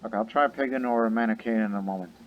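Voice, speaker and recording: A man's voice: fairly low pitch, very fast, muffled recording, slight background noise. Man chatting through a strategy game. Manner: chatty, thinking aloud with asides. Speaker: game streamer. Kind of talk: casual gameplay commentary.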